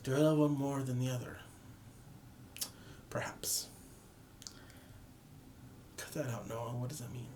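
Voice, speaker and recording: A man's voice: medium pitch, steady tone, measured pace, long pauses, noisy background. A tired young man casually rambling and joking as he walks through his photos. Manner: rambling, self-deprecating, laughs at own jokes. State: tired, yawning. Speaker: photography vlogger. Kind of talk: casual chat.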